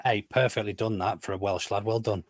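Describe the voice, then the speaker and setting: A man's voice: on the low side, fairly even intonation, fairly quick, no room sound. A man hosting a casual football podcast, steering the chat and putting questions to his guests. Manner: leads the talk, puts questions to the guests. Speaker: podcast host.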